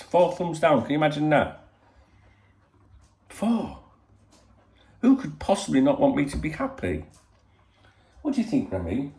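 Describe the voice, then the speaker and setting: Guy rambling to camera, swears a lot, pitch all over the place, echoey room. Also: darkish tone. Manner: rambling, swears freely, frequent "you know". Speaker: channel host. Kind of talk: casual chat to camera. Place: home in Spain.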